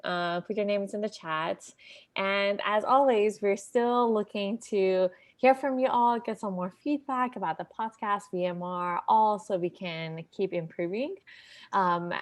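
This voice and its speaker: A young woman whose first language is not English hosts a medical session over a video call. She talks in a relaxed, chatty way, with frequent ums. Her voice sits at a middle pitch. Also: a little slow. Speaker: host. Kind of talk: welcoming announcements on a livestream.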